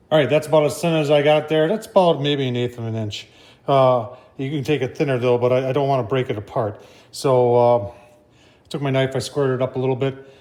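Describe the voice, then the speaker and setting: A man's voice: medium pitch, a little mellow. Folksy man hosting an outdoor cooking vlog. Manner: folksy, chatty, keeps calling viewers folks. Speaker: cooking channel host.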